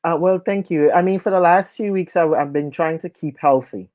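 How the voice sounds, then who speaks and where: A man co-hosts a casual live talk show in a fairly high voice for a man. He talks haltingly, pausing on fillers and restarting his sentences. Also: highs cut off. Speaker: co-host.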